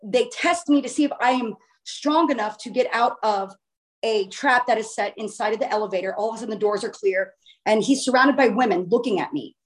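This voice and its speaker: A woman's voice: fairly high pitch, a little fast. Chatty woman telling a story. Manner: chatty, animated, swearing casually. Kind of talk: casual spoken storytelling.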